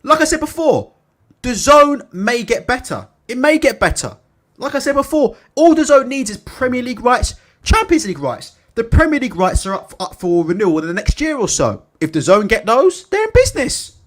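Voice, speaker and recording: His voice is very high with big pitch swings and a fairly bright tone, at a moderate pace. The man runs a boxing YouTube channel and speaks in casual opinion commentary, full of rhetorical tag questions like "innit?" and "right?", casual swearing and laughter at his own jokes.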